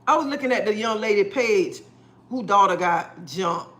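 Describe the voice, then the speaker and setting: Bright-voiced woman preaching on a livestream. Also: mid-range voice, animated, normal speed. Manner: earnest, preachy, repeats herself; greets viewers by name between points. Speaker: livestream host. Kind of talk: casual livestream talk.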